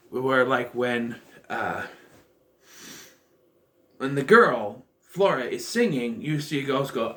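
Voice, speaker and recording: A man's voice: mid-range voice, moderate pace, fairly bright tone. A man giving a casual spoken review of a show, rambling and thinking aloud as he restarts his sentences.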